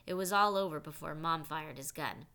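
Blunt teenage boy, loud and bright, as a woman narrator plays him. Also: deep voice, moderate pace, clear, resonant tone. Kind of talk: audiobook character voice.

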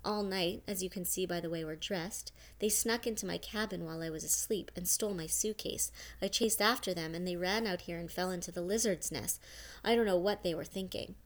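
A woman's voice: lowish voice, a little fast, lightly acted. A woman voicing a cold, self-righteous camp warden. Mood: defensive. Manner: cool, self-justifying, lying. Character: stern female warden of a boys' camp.

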